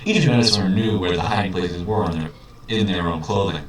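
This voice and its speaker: Deadpan man reading with mocking asides. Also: low voice, brisk. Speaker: reader. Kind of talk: reading a book aloud with sarcastic asides. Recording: echoey room, distant mic, faint hiss.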